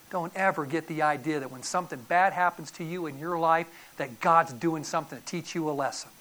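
A middle-aged man preaching a sermon, telling stories in an animated, folksy way with sudden loud bursts and quiet drops. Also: fairly high pitch, moderate pace. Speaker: pastor.

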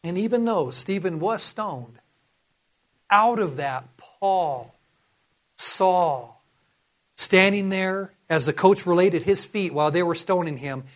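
A man's voice: high voice, expressive, slow. A man preaching a sermon, reading scripture and earnestly urging his listeners.

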